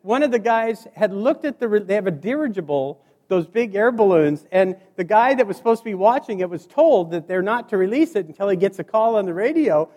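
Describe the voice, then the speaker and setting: Male keynote speaker, animated, acts out dialogue, very expressive pitch, reverberant hall. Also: a little fast, few pauses. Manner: animated storyteller acting out dialogue. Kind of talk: humorous motivational speech.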